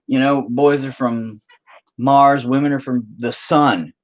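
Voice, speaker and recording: A man's voice: mid-range voice, steady tone, slow. A man rambling casually to his stream while he paints, swearing constantly and joking. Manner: profane, rambling, jokey. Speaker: streaming artist.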